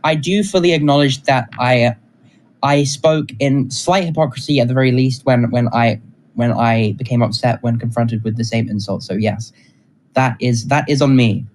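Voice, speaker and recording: A man's voice: mid-range voice, moderate pace, slight background noise, low-quality recording. A man in a heated online debate, defiant and dismissive toward the others. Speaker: debate participant on voice chat.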